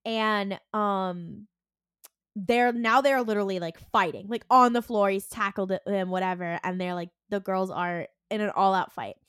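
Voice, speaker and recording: A woman co-hosting a podcast, recapping an episode in a casual, animated way, full of fillers and acted-out lines. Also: moderate pace, smooth, dry recording, studio quality. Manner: animated retelling with many fillers; acts out the characters' lines with sudden jumps in pitch. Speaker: podcast co-host.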